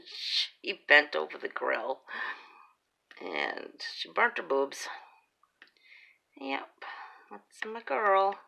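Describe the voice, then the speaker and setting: A middle-aged woman chatting and telling family stories while crafting, laughing often and dropping into breathy whispered asides. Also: low voice, bright, forceful tone, poor audio. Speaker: craft vlogger. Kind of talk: casual storytelling while crafting.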